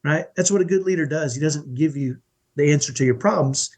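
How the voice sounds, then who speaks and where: A guest in a conversational interview, this middle-aged man has a husky, somewhat high voice that is brisk and a little mellow. Sounding like a parenting coach making a point, he is earnest and emphatic and keeps checking in with "right?".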